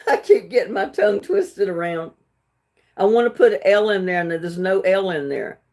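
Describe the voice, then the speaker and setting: A woman's voice: on the low side, moderate pace, a little mellow. A woman hosting a casual trivia livestream, reading questions aloud and chatting with viewers, laughing often and stumbling over words. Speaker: livestream host.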